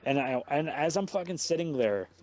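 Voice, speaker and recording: A man's voice: fairly high pitch, moderate pace, dull audio. A young man hosting a podcast, telling a long story in casual chat, swearing constantly and rambling as he goes. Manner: swears a lot, rambling and animated. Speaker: podcast host.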